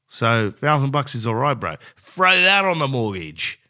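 A man's voice: medium pitch, very animated, measured pace, few pauses, pushed and bright. Rambling man telling a comic story. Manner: rambling, says "bro" often, acts out both sides of dialogue. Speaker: comedian.

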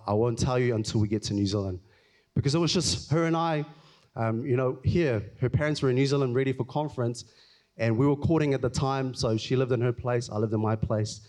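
A man giving an earnest, emotional personal testimony in church, often halting and repeating himself. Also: medium pitch, a little mellow. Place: church hall.

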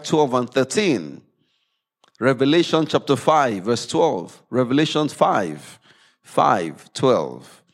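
A man preaching a sermon in a church service, reading scripture aloud with rising emphasis and dropping low to explain it.

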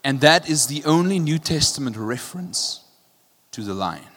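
A male pastor preaching a passionate sermon, his voice swinging from quiet and low to loud, often checking in with "right?". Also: very animated, moderate pace. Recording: long hall reverb.

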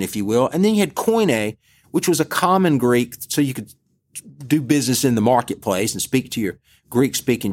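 A middle-aged man, a priest giving a podcast Bible teaching in a conversational storytelling manner. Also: lowish voice. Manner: conversational storytelling, relaxed asides.

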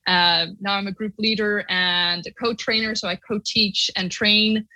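A middle-aged woman from Ireland with an Irish accent, a podcast guest telling her personal story in an earnest, animated way. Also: mid-range voice, unhurried, lo-fi sound.

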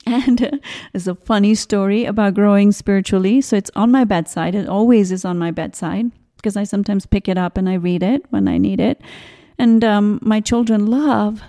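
A woman in her forties hosting a spiritual podcast, talking gently in a rambling way with tangents and restarts. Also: mid-range voice, normal speed. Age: 40s. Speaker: podcast host. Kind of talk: casual spiritual podcast talk.

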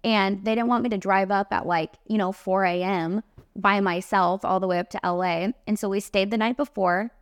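A young woman in her twenties, a makeup artist hosting a podcast, telling a story in a casual, animated, emphatic way. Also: medium pitch, moderate pace, clean tone, no echo, studio quality.

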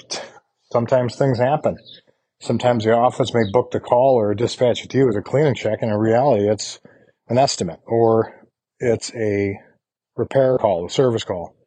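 A man's voice: on the low side, a little mellow, slightly rough, no room sound. A man casually coaching service technicians, rambling and often tossing in "you know" and "right?". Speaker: podcast host coaching HVAC technicians. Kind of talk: casual instructional talk.

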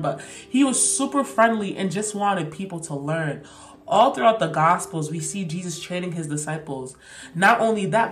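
A young woman hosting a podcast, sharing a casual, heartfelt devotional reflection with slang and emphatic repeats, her voice going a bit hoarse. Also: on the low side. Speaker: podcast host.

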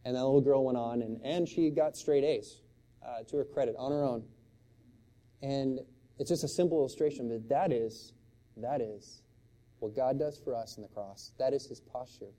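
A middle-aged pastor preaches a sermon in a mid-range voice at normal speed. He shifts from loud, impassioned exclamations to quiet, hushed storytelling.

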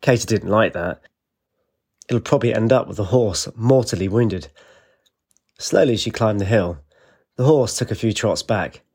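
A man, narrating an audiobook with steady storytelling. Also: lowish voice, normal speed, long pauses, breathy edge.

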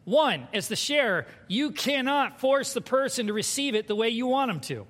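A man preaching a sermon as pastor, animated and conversational, with humor. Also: very high voice, normal speed. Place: church sanctuary. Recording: hall reverb.

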